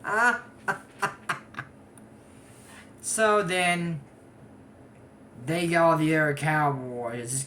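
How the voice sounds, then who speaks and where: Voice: medium pitch, fairly even intonation, drawn-out words, long pauses, bright, forceful tone, slight background noise. A speaker in their twenties giving a casual, rambling recap of a cartoon episode, full of digressive asides. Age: 20s. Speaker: anime episode reviewer.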